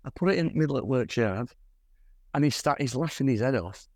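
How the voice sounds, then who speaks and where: A man's voice: on the high side, fast, no echo. An older man gives a chatty slide talk to a camera club, telling stories with dry, wry humour. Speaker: guest presenter at a camera club. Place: club meeting room.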